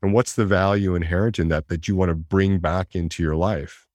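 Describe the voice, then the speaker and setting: A man talking in a reflective conversation, animated, acting out inner voices and laughing often. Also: low voice, brisk, dry recording, studio quality.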